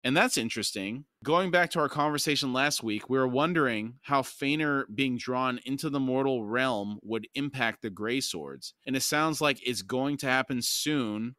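A man's voice: mid-range voice, normal speed, hardly any pauses, bright, forceful tone, no room sound, clean studio sound. Man chatting on a book podcast. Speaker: podcast co-host. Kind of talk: casual book discussion.

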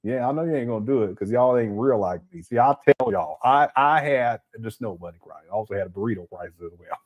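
A man's voice: mid-range voice, fast, lo-fi sound. A man hosting a casual livestream, reading the chat aloud, laughing often and using slang as he calls his viewers family.

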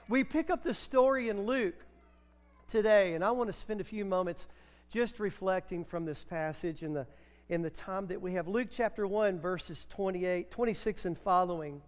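A middle-aged male preacher with a high voice delivers a homey, story-filled sermon. His words carry a long reverb tail from the church sanctuary. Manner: chatty storytelling, breaks into song.

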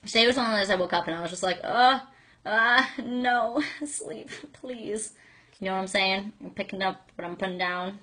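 A woman's voice: mid-range voice, fairly even intonation, racing, hardly any pauses, fairly bright tone. A young woman hosting a casual live stream chat, reading fan comments aloud in a bubbly, giggly, gushing way with lots of "like" fillers.

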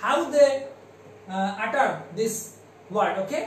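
Man, Bangladeshi accent, slow, letter-by-letter spelling, echoey classroom, faint background hum. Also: extremely high pitch, lively intonation, far from the mic. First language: Bengali. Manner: slow, spells words letter by letter and drills pronunciation. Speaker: primary school English teacher. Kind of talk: classroom lesson.

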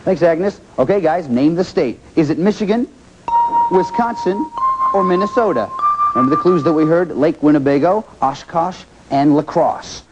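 A man hosting a TV game show, energetic and encouraging, repeating each contestant's answer. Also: a little high, moderate pace, breathy edge, muffled recording, faint music behind.

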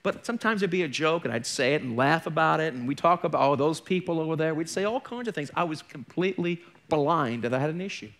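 A man's voice: on the high side, expressive, fast talker, hardly any pauses, a bit bright. A middle-aged man preaching a sermon as a pastor, candid and conversational, with joking asides. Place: church.

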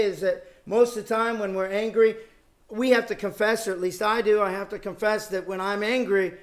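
A middle-aged man giving a Bible lecture, speaking in a measured way and repeating key phrases for emphasis. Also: sits high, fairly bright tone. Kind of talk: sermon.

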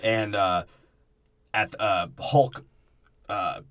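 A man with a fairly low voice talks through a movie in a loose, foul-mouthed way. He keeps joking and slips into quick mocking impressions of the characters. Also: a bit bright. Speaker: podcast co-host. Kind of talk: casual movie review chat.

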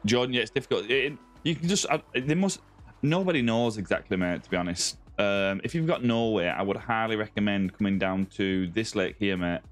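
Here's a brisk, low-leaning male voice over soft background music. The speaker, an Australian, is live-streaming a game from a home setup with a ring light, casually chatting and calling viewers mate and buddy as he greets them by name.

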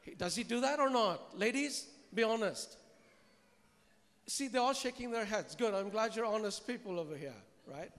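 A high-pitched man preaching to a congregation in a church hall, his voice trailing off into a long echo. He keeps the sermon lively, joking and tossing questions at the room between passages of scripture. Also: moderate pace. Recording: long reverb of a large hall.

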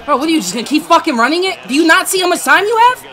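A man streaming a football video game, talking trash and swearing at his opponent. His voice sits very high and bright. His pitch swings widely between shouts and mutters. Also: very animated, rapid-fire. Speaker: gaming YouTuber. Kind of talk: live gameplay commentary.

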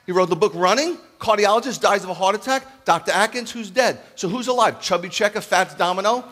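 A man in his fifties preaching as a rabbi, telling stories with jokes and acting out the dialogue in an animated sermon. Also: high-pitched, a little fast, a little hiss or hum. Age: 50s. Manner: animated, jokey, acts out quoted dialogue. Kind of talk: humorous storytelling sermon.

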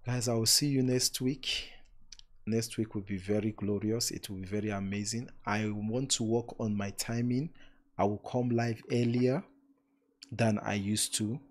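Emphatic low-voiced man on a livestream. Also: fairly even intonation, a little slow. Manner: warm, emphatic, repeats words for stress; preacher-like blessings and exhortations. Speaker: relationship talk host. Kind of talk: live-stream talk to online viewers.

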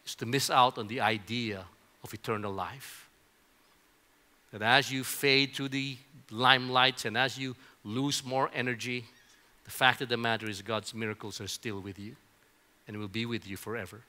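Middle-aged male preacher with a bright, forceful tone; conversational sermon storyteller. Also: mid-range voice, fairly even intonation, normal speed. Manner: conversational storytelling, often repeats words in restarts. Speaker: pastor. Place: church auditorium.

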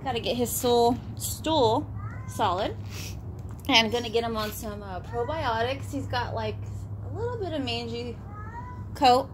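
A high, swooping woman's voice, slow and unhurried, slipping into baby talk as she coaxes a dog. She sounds a little out of breath. Recorded outdoors with steady background noise and animal sounds. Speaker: animal rescuer. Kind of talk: casual vlog update.

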